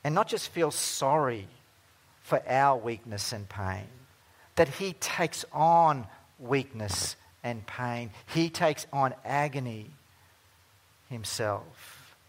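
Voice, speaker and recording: A man preaching a sermon as pastor, earnest, moving between emphatic stretches and hushed ones. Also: medium pitch, animated, takes it slowly.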